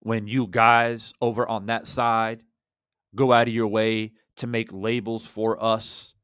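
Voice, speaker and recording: A man hosting a fan reaction channel, talking in an impassioned, rhetorical way that swings between loud and quiet. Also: lowish voice, clean tone, dry recording, studio quality. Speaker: boxing channel host.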